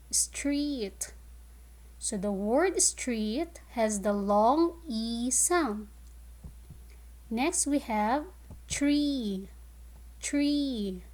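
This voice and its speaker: Lady teacher doing phonics for little kids, super slow and clear, kinda high voice. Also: darkish tone. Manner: slow, clear, drawn-out word modeling with praise. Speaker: kindergarten teacher. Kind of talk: phonics lesson for young children.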